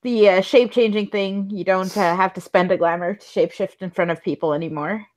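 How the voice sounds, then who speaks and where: A woman's voice: mid-range voice, fairly even intonation, fairly quick, darkish tone, poor audio. A woman running a tabletop game as storyteller, narrating casually with lots of fillers, restarts and laughter. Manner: giggly, with many fillers and restarts.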